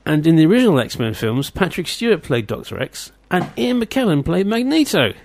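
A man's voice: a little high, big pitch swings, normal speed, a little mellow. A man hosting a local radio show, chatting casually with fillers and playful repeats.

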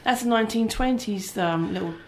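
A woman's voice: a little high, a little fast, slight background noise. A woman co-hosting a radio show, chatting in a playful, teasing way. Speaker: radio co-host. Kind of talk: casual on-air chat.

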